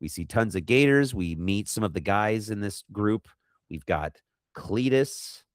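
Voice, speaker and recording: A man co-hosting a podcast, rambling through a movie recap and acting out quotes in quick funny voices. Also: on the low side, animated, dry recording, studio quality. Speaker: podcast co-host. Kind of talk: casual movie recap chat.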